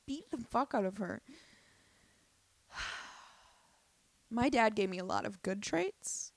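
A young woman telling a story in a casual, animated way, swearing often and restarting her sentences. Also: medium pitch, takes it slowly, long pauses, no echo. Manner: animated, profane, lots of fillers and restarts.

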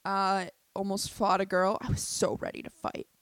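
A young woman telling a story in a casual, animated way, swearing often and restarting her sentences. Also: medium pitch, moderate pace, dry recording. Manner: animated, profane, lots of fillers and restarts.

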